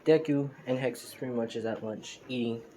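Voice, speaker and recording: Ein Mann, der frei und weitschweifig eine Fan-Geschichte erzählt, mit vielen Füllwörtern, über ein einfaches Aufnahmemikrofon. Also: male voice, mid-range voice, fairly quick, mellow, slight background noise, rough recording. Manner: rambling, filler-heavy. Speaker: storyteller. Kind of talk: improvised fan story narration. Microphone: screen recorder microphone.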